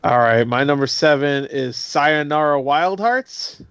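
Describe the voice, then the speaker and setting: A man's voice: a little high, lively intonation, unhurried, fairly bright tone, smooth, no echo, lo-fi sound. A man co-hosting a casual gaming podcast, laughing often and swearing freely. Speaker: podcast co-host.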